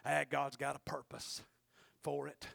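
A man preaching a folksy sermon, dropping to hushed asides and rising to shouted peaks. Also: medium pitch, flat delivery, a little slow, vocal fry, no echo, studio quality.

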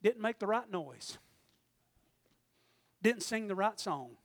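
A preacher man delivering a sermon in a strikingly high voice, swinging from hushed asides to full shouts as he acts out his own prayers. The sound is close and dry, with no room around it. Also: expressive, slow, no room sound.

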